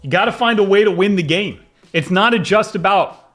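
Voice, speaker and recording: A young man commentating his own game replays in an excitable, fast-shifting way, often laughing. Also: sits high, soft background music. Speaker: gaming video creator.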